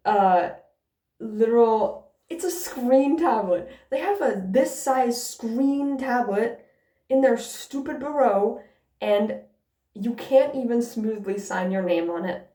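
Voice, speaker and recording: A woman's voice: on the high side, animated, slow pace, mellow. Exasperated woman ranting in a roomy space. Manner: exasperated, sarcastic, swears freely. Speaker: vlogger. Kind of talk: casual ranting storytime. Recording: roomy echo.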